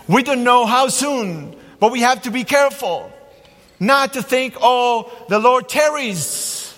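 Animated male preacher in a reverberant hall. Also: extremely high pitch, slow pace. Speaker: pastor. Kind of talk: sermon.

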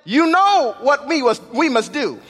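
A man's voice: very high-pitched, big pitch swings, unhurried, fairly bright tone, pitched above the performer's own voice, exaggerated voice. A man preaching a sermon voices God the Father, grave and loving, with an earnest, plain-spoken delivery. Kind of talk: sermon storytelling. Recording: long church reverb.

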